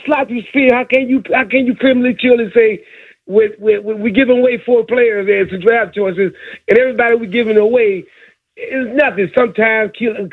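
A male caller on a sports radio show, pushing back skeptically and stumbling over his words. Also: sits high. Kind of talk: argumentative sports call-in. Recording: tinny phone line.

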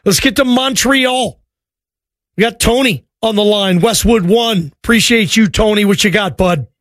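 High-voiced sports radio host. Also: male voice, fairly bright tone, no echo. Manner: friendly, quick banter with callers. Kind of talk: call-in radio talk.

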